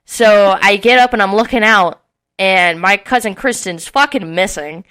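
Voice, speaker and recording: A young woman in her twenties tells a rowdy story on a casual podcast. Her voice is bright and clear, and she acts out what people said with a lot of swearing. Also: mid-range voice, moderate pace. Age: early 20s. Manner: animated, swearing often, acting out quotes with laughs. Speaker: podcast co-host.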